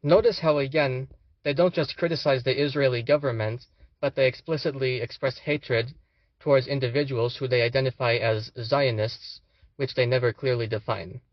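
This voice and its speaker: A man's voice: medium pitch, fairly even intonation, normal speed, no echo. Sardonic young man, dry lo-fi voice-over. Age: young adult. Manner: sardonic, indignant asides. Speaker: student commentator. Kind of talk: scripted commentary voice-over.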